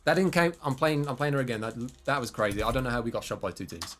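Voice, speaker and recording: A casual streamer from England's West Midlands talks quickly in a mid-range, somewhat bright voice full of expression, with slight background noise. During a live gameplay stream he chats with viewers, reading their messages between bursts of reactions to the game and poking fun at himself.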